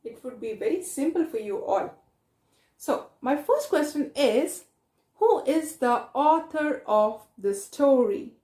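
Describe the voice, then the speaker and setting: A woman teacher with a South Asian English accent leads a reading lesson. Her voice is high and her pace slow and unhurried. She repeats her questions and praises answers often, and the sound rings around an echoey room. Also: expressive, dark tone.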